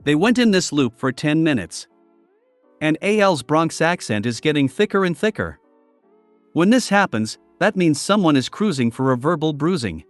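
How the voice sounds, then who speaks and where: A man narrating online stories in a steady, even reading voice. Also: a little high, moderate pace, no echo, soft background music.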